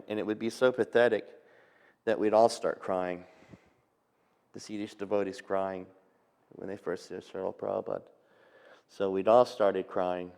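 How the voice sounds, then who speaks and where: An older man telling memories of his teacher in a halting, reminiscing way, with soft fillers and restarts. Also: fairly low pitch, smooth, in a large hall. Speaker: devotee recalling his teacher. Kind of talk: reminiscing storytelling.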